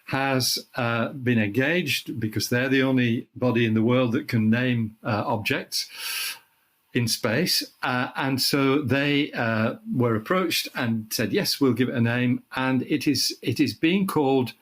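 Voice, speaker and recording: An older man from the UK, with a frog in his throat, explaining space science in casual chat and clearing his throat often. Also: medium pitch, a little slow, fairly bright tone. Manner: thoughtful, restarts phrases, clears throat often. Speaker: astronomy guest expert.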